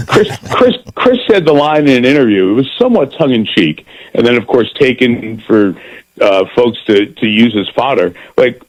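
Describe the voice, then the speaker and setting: Here a lively middle-aged football broadcaster talks as a radio interview guest, tending to repeat words at the start of his thoughts. He speaks at medium pitch and normal speed on a low-quality recording.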